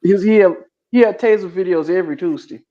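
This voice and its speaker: High voiced guy rambling on a stream, repeats stuff, dull lo-fi audio. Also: quick pace, dark tone. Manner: rambling, repeats himself, laughs. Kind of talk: casual livestream chat.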